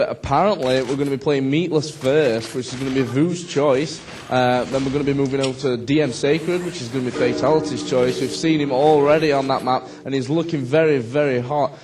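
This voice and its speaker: A man doing live esports co-commentary, measured and steady with frequent fillers, livening at key plays. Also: mid-range voice, a little hiss or hum.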